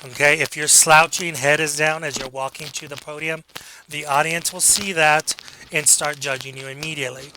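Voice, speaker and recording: A man's voice: fairly high pitch, steady tone, moderate pace, sharp tone, a little hiss or hum. A man teaching a speech class in a direct, coaching manner, with rhetorical questions. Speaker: college speech instructor. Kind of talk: recorded class lecture.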